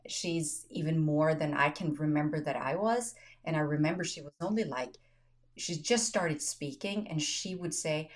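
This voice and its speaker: A woman's voice: deep voice, moderate pace. A woman hosting a podcast, telling a personal story in casual conversation, acting out quotes and laughing often. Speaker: podcast host.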